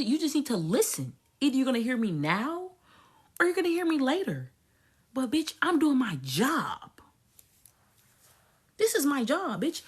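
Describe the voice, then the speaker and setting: Husky high-voiced woman ranting. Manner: blunt, cursing, swings from low mutters to loud outbursts. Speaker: vlogger. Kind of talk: profane rant to camera.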